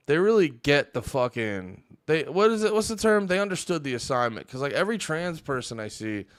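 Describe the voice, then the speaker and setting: A man's voice: medium pitch, clean tone, dry recording, studio quality. A young man hosting a livestream, ranting and swearing heavily as he talks back to his chat. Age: young adult. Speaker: livestream host. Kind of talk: casual stream commentary reacting to chat.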